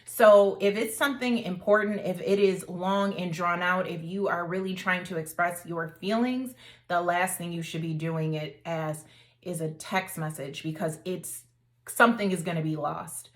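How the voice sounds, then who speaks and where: Chatty woman with a lowish voice. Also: normal speed. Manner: animated, conversational, addresses viewers as y'all. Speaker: dating vlogger. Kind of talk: casual talk to camera.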